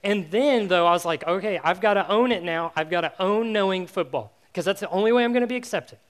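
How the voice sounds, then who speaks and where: A man giving a youth sermon, telling a personal story in an animated, self-mocking way with many fillers before turning to faith. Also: sits high, fast. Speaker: youth pastor.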